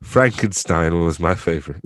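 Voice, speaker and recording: A man's voice: sits low, animated, moderate pace, no echo. A young man from England who runs a theatre company, chatting casually as a guest, joking at his own expense and swearing loosely. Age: young adult. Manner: joking, self-deprecating, laughs often, swears casually. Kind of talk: casual interview chat.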